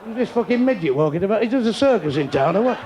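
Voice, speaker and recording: A man's voice: sits high, sing-song, very fast, a little mellow. A man in his sixties doing crude live stand-up, brashly teasing people in the audience. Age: 60s. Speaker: stand-up comedian. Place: comedy club stage before a live audience. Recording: noisy live room with crowd laughter.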